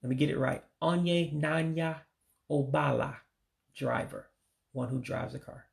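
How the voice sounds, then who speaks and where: A man teaching vocabulary from his studies, saying each word slowly and carefully and often correcting himself. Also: medium pitch, little pitch movement, vocal fry. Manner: slow, careful word-by-word pronunciation with frequent self-corrections. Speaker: language learner teaching vocabulary. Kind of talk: informal vocabulary lesson.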